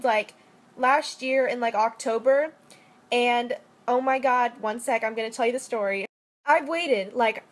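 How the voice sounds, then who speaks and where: A young adult woman chatting casually into her phone camera, rambling and joking with lots of "like". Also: a little high. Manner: rambling, joking, heavy use of "like". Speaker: vlogger. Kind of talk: casual selfie-story chat.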